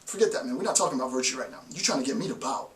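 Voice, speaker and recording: A man giving an informal philosophy lecture, emphatic and forceful, often checking in with "right?". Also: mid-range voice, animated, racing, a little hiss or hum. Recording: echoey room, voice from far off.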